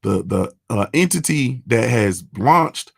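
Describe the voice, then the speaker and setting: A man's voice: medium pitch, expressive, takes it slowly, creaky, husky, no room sound, clean studio sound. A man, hosting a morning show and talking bluntly and profanely in a casual monologue. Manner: blunt, profane, repeats "you understand what I'm saying".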